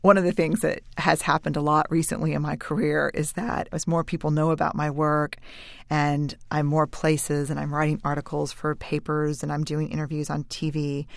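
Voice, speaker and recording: A woman in her forties, a researcher, telling a candid personal story in a talk, moving between brisk lines and slow, hushed phrases. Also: low voice, flat delivery, creaky, dry recording.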